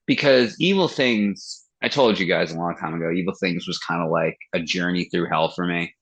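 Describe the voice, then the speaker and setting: A metal singer being interviewed on a podcast, talking in a loose, profane way. His voice sits low and a little husky. He acts out what others said to him as he tells his stories. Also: moderate pace, a bit bright, low-quality recording. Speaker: guest singer of a metal band. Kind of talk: casual interview chat.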